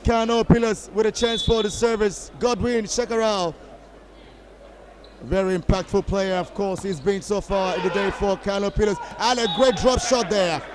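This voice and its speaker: A man calling a volleyball match live from a commentary box, breaking into shouts on big plays. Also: high voice, fairly even intonation, moderate pace, noisy background. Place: commentary box at an indoor sports hall.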